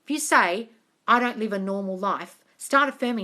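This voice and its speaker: An Australian manifestation coach hosts a casual live Q&A from home, reading viewer comments aloud and answering frankly, swearing without much hesitation and calling everyone darling. Her voice is bright, forceful and mid-range at a normal speed, and she sounds like she's speaking into a phone on a live stream.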